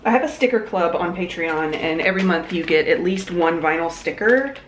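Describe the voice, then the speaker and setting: A woman's voice: on the low side, lively intonation, a little fast. A young woman chatting casually and upbeat in a home vlog, thinking aloud as she goes. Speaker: vlogger. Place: home room. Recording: echoey room, faint noise.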